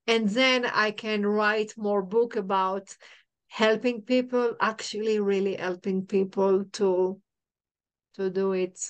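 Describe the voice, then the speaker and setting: Middle-aged woman, podcast guest; smooth voice, halting restarts, repeats herself. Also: mid-range voice, fairly even intonation. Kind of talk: emotional personal storytelling.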